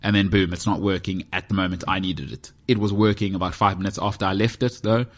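His voice sits low and moves fast with a steady tone. The man is hosting his own podcast from a heated indoor room, giving a casual solo monologue that rambles, jokes, and mocks himself.

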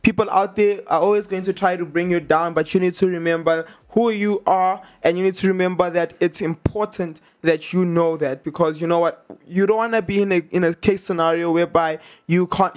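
A man's voice: high voice, steady tone, a little fast. A man hosting a casual radio talk show, joking, boastful and a bit preachy.

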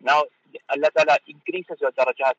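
Halting man giving a radio religious talk. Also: fairly high pitch, steady tone, fairly bright tone, no room sound, muffled recording. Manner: halting, with fillers and repeated words.

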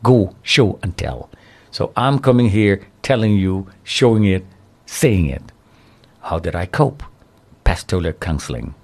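A middle-aged man giving his testimony in an interview, telling it with animated storytelling and a preaching tone. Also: low-pitched, unhurried. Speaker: interview guest, survivor.

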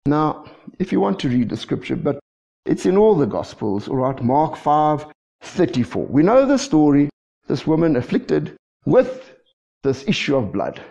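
Gravelly, animated preacher. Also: male voice, fairly high pitch, unhurried. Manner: lively preaching with frequent call-and-response asides. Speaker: pastor. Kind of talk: sermon. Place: church. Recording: dull lo-fi church recording.

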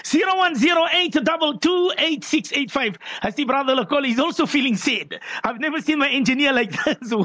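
A man's voice: extremely high pitch, animated, fairly quick, hardly any pauses, sharp tone, no room sound. A man hosting a live call-in radio show, speaking in an emotional, fervent way and praying aloud for his listeners. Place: radio studio.

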